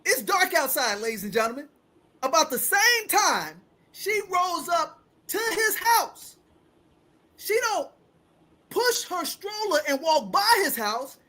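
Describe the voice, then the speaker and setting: Speaking slowly in an extremely high, sing-song voice, a fifties-aged woman hosts her show and spins a dramatic tale. She keeps calling out to "ladies and gentlemen" listening in.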